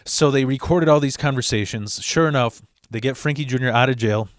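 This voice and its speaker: A man's voice: medium pitch, a little fast, no echo. A man telling a story in a casual, rambling, profane way, often restarting and adding asides. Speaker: storyteller host of his channel.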